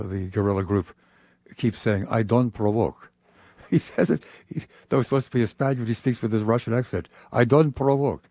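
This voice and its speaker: Radio host: composed man, dry muffled studio sound, wry and measured. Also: lowish voice, a little mellow, no room sound. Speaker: radio talk show host. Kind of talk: call-in radio talk.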